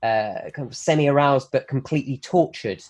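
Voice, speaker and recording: A man pitches a film as a lively story on a comedy podcast, rushing through the plot and slipping into the characters' lines. His voice sits at a middling pitch. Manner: animated storyteller, quick, acts out quotes. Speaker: guest pitching a film idea.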